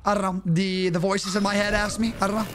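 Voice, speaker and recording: A man's voice: sits high, little pitch movement, fast, background noise. A young man streaming a shooter game, trash-talking opponents with joking, swearing banter. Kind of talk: live gameplay commentary.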